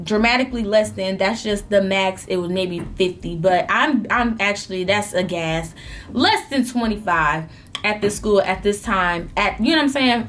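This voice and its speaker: A young woman vlogger telling a story in an animated, melodramatic way while eating, in a casual storytime chat. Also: mid-range voice, slight background noise.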